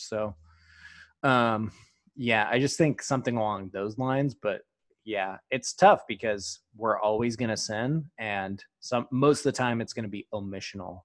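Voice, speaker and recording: A man with a lowish voice reflecting slowly and quietly in casual conversation. The sound is dry and close, with no room around it. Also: no room sound. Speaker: podcast co-host. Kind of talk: casual chat.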